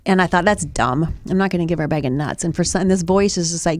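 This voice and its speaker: A woman's voice: fairly low pitch, fast, few pauses, a little mellow, no room sound. A woman co-hosting a podcast, telling a personal story in casual chat, rambling with frequent restarts and fillers. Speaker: podcast co-host. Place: podcast studio.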